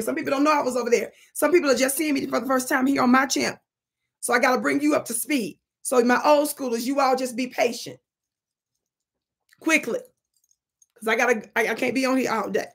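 High-voiced woman vlogger telling a story. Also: fast, breathy edge. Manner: animated and preachy, plays with words. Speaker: channel host. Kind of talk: storytelling commentary monologue.

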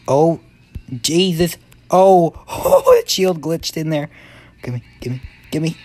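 A young man giving excitable let's-play commentary, yelping and muttering to himself as he plays. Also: fairly high pitch, slow pace, faint music behind. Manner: excitable, yelps and mutters to himself while playing. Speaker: gaming YouTuber.

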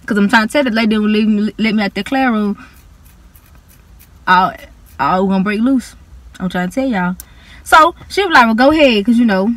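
A woman's voice: on the high side, fairly bright tone, dry recording. A young woman, animatedly retelling an embarrassing school story in casual storytime style, with slang and dramatic emphasis. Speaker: vlogger.

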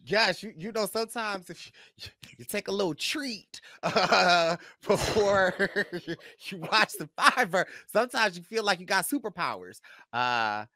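A man's voice: high-pitched, a little slow, no echo, studio quality. Man, podcast host, casual recap chat, playful, slangy, swoops up and down a lot. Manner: animated and playful, slangy, acts out his own reactions.

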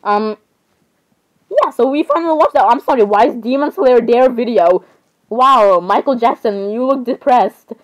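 A woman's voice: on the high side, lively intonation, normal speed, muffled recording. A young woman chatting casually for a vlog, rambling and giggling while she interrupts herself. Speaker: vlogger. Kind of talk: casual chat over screen browsing.

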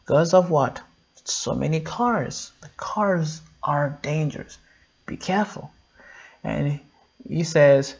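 Husky-voiced man, unhurried kids' preacher, dull lo-fi recording. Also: fairly high pitch. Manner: slow, repetitive, animated with call-and-response questions. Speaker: children's pastor. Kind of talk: simple sermon for children. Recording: dull lo-fi sound.

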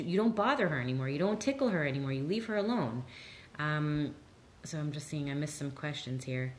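Low-voiced earnest woman therapist. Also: slight background noise. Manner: earnest, reassuring, lively when quoting others. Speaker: therapist answering audience questions. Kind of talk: live Q&A talk.

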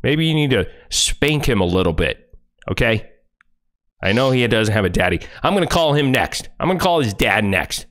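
A man's voice: mid-range voice, big pitch swings, moderate pace, fairly bright tone. A man livestreaming, ranting furiously and confrontationally, full of profanity. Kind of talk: angry livestream rant.

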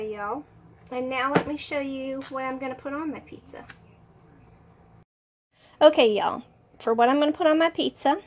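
A woman's voice: on the high side, noisy background. A woman chatting folksily through a cooking demonstration in her home kitchen, sniffling a little from allergies. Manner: chatty, folksy, keeps saying "y'all".

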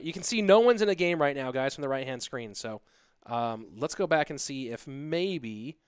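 A man's voice: medium pitch, clean tone, dry recording. A man hosting a live stream, rambling and joking casually as he talks straight to his viewers from his home setup. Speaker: stream host and caster.

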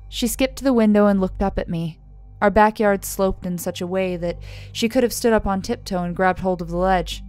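A woman narrating a first-person horror story in a measured, scripted delivery, letting her voice fall softly on the tags. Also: medium pitch. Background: soft music.

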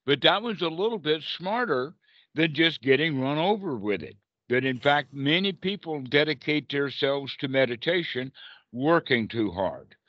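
A man's voice: mid-range voice, dry recording, lo-fi sound. A man teaching meditation in a casual, playful way on a video call, acting out little quoted voices as he explains.

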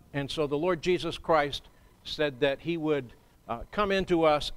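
A male pastor delivering a sermon, his voice sitting a little higher than most men's. He talks in a measured, conversational way, often pausing to gather his next thought. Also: clear, resonant tone. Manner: measured, conversational preaching with frequent pauses. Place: church.

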